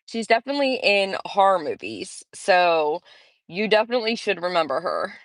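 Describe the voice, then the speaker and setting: A woman's voice: lowish voice, very animated, moderate pace, dry recording, studio quality. A woman hosting a casual live stream, chatting in a rambling way and greeting viewers by name. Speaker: livestream host.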